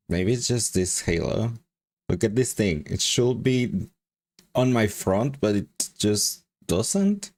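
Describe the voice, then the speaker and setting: Mexican-accented guy streaming, slow rambly chat, voice goes all over the place. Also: on the low side, darkish tone. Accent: Mexican Spanish. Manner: rambling, chatty, laughs often, frequent restarts. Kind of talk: casual chat with live chat.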